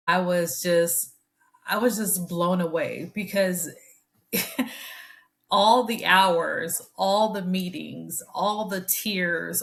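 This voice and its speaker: Emphatic lower-voiced woman guest. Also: a bit bright. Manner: emphatic, repeating phrases for weight. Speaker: guest, military family advocate. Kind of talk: interview storytelling.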